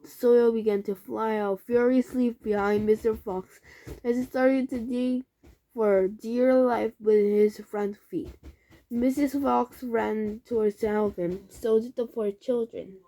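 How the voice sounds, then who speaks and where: Slow, careful woman reading a storybook. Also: on the high side, fairly even intonation, warm tone. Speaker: reader. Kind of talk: reading a children's book aloud.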